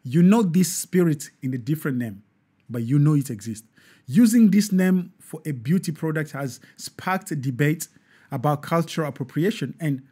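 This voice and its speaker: A man hosting a live online show, talking in an animated, preachy way with frequent restarts and self-corrections. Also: fairly high pitch, slightly rough. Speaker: host.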